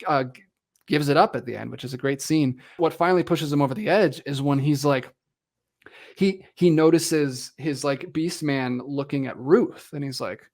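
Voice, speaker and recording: A man's voice: fairly high pitch, normal speed. Man co-hosting a film podcast. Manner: animated, acts out characters' lines while retelling scenes. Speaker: podcast co-host. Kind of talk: casual film discussion.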